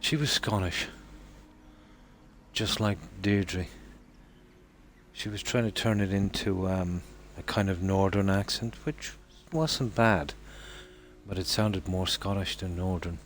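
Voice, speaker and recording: A man's voice: low-pitched, fairly even intonation, takes it slowly, slight background noise. A man giving casual commentary while playing a game, musing aloud and trailing off with ums. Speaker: game streamer.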